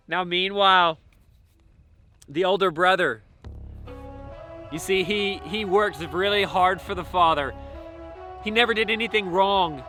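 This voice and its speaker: Male preacher, high bright voice, animated parable telling, faint music under. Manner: animated storytelling, emphatic pauses. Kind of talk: sermon retelling a parable.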